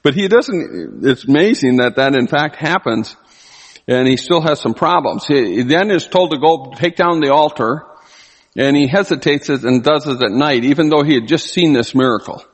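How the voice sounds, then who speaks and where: A man preaching a sermon, animated, often acting out the people he quotes. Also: mid-range voice, moderate pace, slightly rough. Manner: animated, acts out quoted voices. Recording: long hall reverb.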